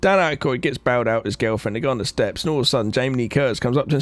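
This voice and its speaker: A man co-hosting a podcast, casually retelling film scenes in an animated way and putting on the characters' voices. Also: medium pitch, racing, few pauses. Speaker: podcast co-host.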